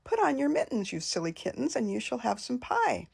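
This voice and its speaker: An older woman voicing a stern mother cat scolding her kittens in a storybook rhyme, in a sharp singsong. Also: on the high side, wildly swooping pitch, a little fast, vocal fry, husky, heavily acted.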